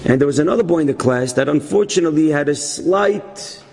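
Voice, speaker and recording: A man telling a moral story as a sermon, dramatic, dropping low and hushed and then climbing to loud raised peaks. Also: expressive, a little fast, creaky, in a large hall, a little hiss or hum.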